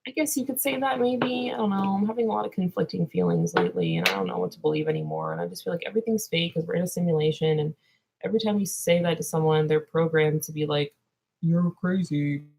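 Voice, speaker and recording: A woman's voice: lowish voice, animated, quick pace, gravelly, darkish tone, breathy edge. A woman vlogging in a clown persona, drifting earnestly from topic to topic and then turning silly. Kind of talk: rambling casual vlog.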